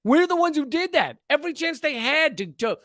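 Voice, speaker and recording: A man's voice: very high voice, lively intonation, fairly quick, fairly bright tone, no echo. A man, a comedian, ranting sarcastically and with lots of swearing as he reads from and reacts to a news article. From United States. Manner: profane, sarcastic and exasperated. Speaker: comedian and political commentator.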